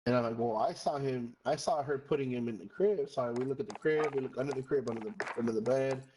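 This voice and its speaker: A man's voice: medium pitch, fast talker, noisy background. A young man telling a long story while gaming on stream. He rambles, curses often, says "bro" constantly and slips between English and Spanish. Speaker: gamer streamer.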